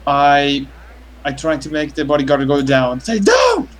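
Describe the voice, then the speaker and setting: A man playing a tabletop game over voice chat, answering quickly and eagerly. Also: fairly high pitch, monotone. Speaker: player.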